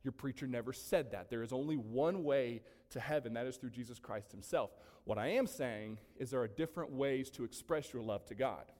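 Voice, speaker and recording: In a church sanctuary with long reverb, a male pastor preaches emphatically, peppering the congregation with rhetorical questions. His voice is fairly high with a darkish tone.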